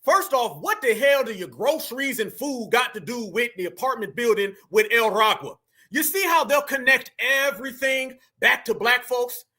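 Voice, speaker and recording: Forceful and bright, with an extremely high pitch, this commentary host reacts animatedly at a moderate pace. He lectures his viewers emphatically and preachily, calling them "fam" again and again.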